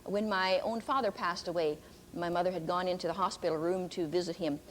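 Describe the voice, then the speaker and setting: An older woman giving a Christian teaching talk, telling a personal story earnestly, with pauses and restarts. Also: on the low side, fairly even intonation, slight background noise, rough recording.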